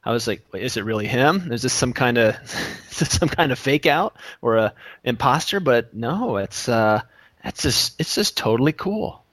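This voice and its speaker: A man's voice: mid-range voice, lively intonation, a bit bright, no echo. A man co-hosting a podcast, chatting casually and stumbling over his words. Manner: halting, stammers and repeats words. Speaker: podcast co-host.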